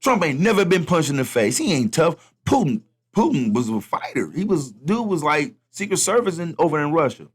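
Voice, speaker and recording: Man, fairly high voice, lively swooping pitch, casual rant, repeats himself, talks to viewers. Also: moderate pace, few pauses, slightly rough. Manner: animated, repetitive, talks straight to viewers. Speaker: vlogger commenting on politics.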